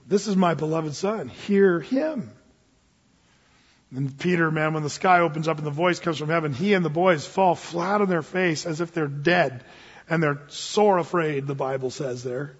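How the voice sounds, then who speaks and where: Animated high-voiced preacher in a hall. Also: male voice, breathy edge. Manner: animated, acts out Bible figures in quick asides. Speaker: pastor. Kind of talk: sermon. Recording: lo-fi sound in a hall with long reverb.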